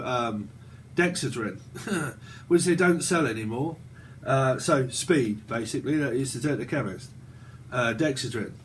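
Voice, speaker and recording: A mid-range male voice with a bit of hiss or hum belongs to a British tarot reader in his forties. His casual monologue drifts around, includes plenty of profanity, and is often broken up by laughs.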